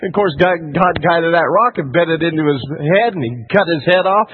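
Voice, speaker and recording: Folksy preacher with an animated, husky voice. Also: male voice, a little high, brisk, narrow, tinny audio. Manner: animated storytelling, emphatic, folksy. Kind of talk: sermon.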